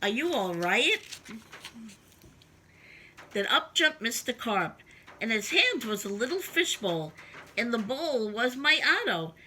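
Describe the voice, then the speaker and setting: Bright, expressive woman reading a children's story. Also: fairly high pitch, measured pace, a little hiss or hum. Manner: expressive, with sing-song emphasis. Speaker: storybook reader.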